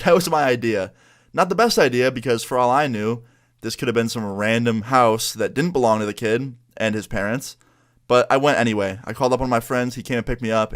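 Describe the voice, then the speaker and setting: A young man from New York tells a story to his viewers in a casual, chatty way. He acts out what the other people in the story said. His pitch sits in the middle for a man. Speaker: YouTuber.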